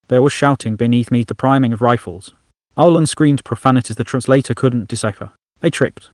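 A man reading a first-person science fiction story in a steady, even way. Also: medium pitch, dry recording, studio quality. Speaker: narrator.

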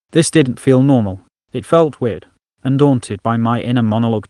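A man's voice: medium pitch, a little mellow, dry recording. A man narrating a science fiction story as an audiobook, in a dry, wry storytelling manner.

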